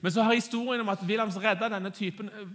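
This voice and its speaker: A man's voice: high voice, fairly even intonation, quick pace, fairly bright tone. A man interpreting a sermon line by line. He speaks with hesitations and restarts.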